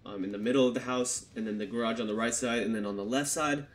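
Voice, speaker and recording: This young man's voice sits in the mid-range, with fairly even intonation and a quick pace. In his storytime vlog, he recounts a personal childhood tale into a desktop USB mic, cursing freely, staying relaxed, and slipping into the voices of the characters.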